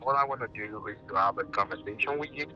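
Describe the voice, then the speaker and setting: A man's voice: fairly low pitch, quick pace, faint music behind. A man posing as a military commander, lecturing sternly and bossily over a phone call.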